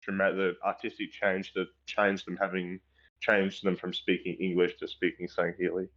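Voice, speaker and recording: Low-voiced guy rambling and swearing on a podcast, kinda muffled audio. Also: level tone, moderate pace, fairly bright tone. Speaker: podcast co-host. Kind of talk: casual chat.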